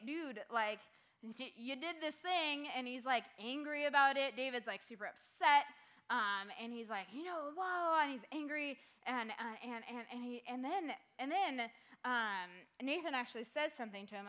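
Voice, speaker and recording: A young woman giving a casual youth-group sermon, excitable and full of "like" fillers, moving between loud outbursts and hushed earnest talk. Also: fairly high pitch.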